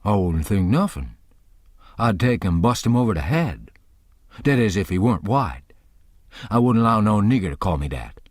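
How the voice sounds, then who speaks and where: A man's voice: fairly low pitch, sing-song, moderate pace, pauses often, dry recording, clean studio sound. A man reading an audiobook, voicing a stubborn, plain-spoken grown man in a river tale who argues in a folksy rural dialect. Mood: indignant.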